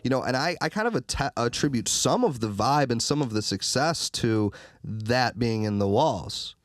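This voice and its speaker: A man rambles through stories in a casual podcast chat. He curses freely and gets animated as he talks. His voice sits at a middle pitch and sounds close and dry. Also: moderate pace, dry recording. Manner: rambling, profane, animated storyteller. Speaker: recording engineer, podcast guest. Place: podcast studio.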